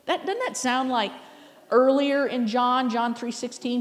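A woman pastor preaches a sermon in a conversational, reflective manner, often putting questions to her listeners and laughing softly. Her voice is a little high, her pace measured, with a big-room sound.

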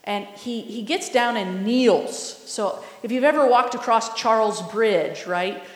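A woman preaching a sermon, earnest and teaching in manner. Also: a little high. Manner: earnest, teaching, slow and deliberate. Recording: echoey hall, long reverb.

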